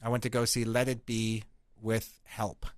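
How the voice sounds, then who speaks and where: A man's voice: fairly low pitch, level tone, normal speed, dry recording, studio quality. Brash profane Canadian man. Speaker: podcast host. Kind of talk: crude casual banter.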